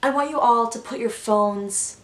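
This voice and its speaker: A young woman telling a story in a casual vlog, gushing and excitable, full of "like". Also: a little high, unhurried. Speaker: vlogger. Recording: echoey room.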